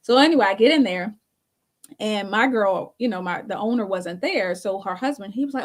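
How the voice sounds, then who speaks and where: A woman's voice: mid-range voice, animated, normal speed. A woman co-hosting a talk show, telling a story in a casual, chatty way and laughing often between phrases.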